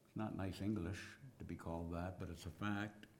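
A man preaching a sermon, slow and dramatic, rising to loud cries and dropping to hushed whispers. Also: deep voice, fairly even intonation, a little hiss or hum.

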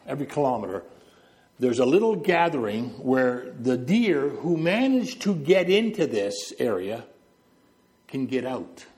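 Animated storytelling preacher from New Brunswick. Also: male voice, a little high. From New Brunswick, Canada. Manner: storytelling, illustrating with gestures, walking back and forth. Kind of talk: sermon.

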